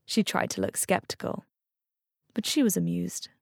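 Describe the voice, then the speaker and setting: Woman narrating a novel, measured, lowish voice, dry studio sound. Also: creaky, dry recording. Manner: measured, even storytelling. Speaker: audiobook narrator. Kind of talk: scripted audiobook narration.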